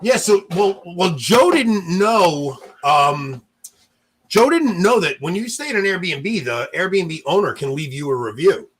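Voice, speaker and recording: Man, casual storytelling chat, husky, lively rising and falling pitch, jokey. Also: unhurried, poor audio. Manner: joking, animated, acts out others' lines. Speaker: podcast co-host.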